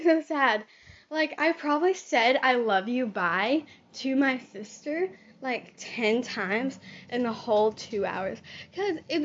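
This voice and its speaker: A teenage girl vlogging a casual life update, rambling with lots of fillers. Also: high-pitched. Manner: chatty, rambling with many fillers. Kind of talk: casual chat. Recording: dull lo-fi audio.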